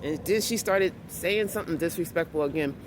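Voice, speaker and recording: A woman vlogging and telling a story in a blunt, animated way that turns heated. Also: lowish voice, a little fast. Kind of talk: casual storytelling vlog. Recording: clear outdoor street noise behind.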